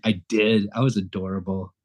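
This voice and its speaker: Mellow-voiced laughing podcast host. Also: male voice, fairly low pitch, level tone, normal speed. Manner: laughing, self-deprecating, rambling with fillers. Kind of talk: casual chat.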